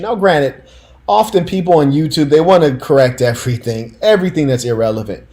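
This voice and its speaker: A man with a somewhat high voice hosts a casual commentary stream. He tells stories in a slangy, emphatic way and keeps talking straight to his audience. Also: brisk, darkish tone.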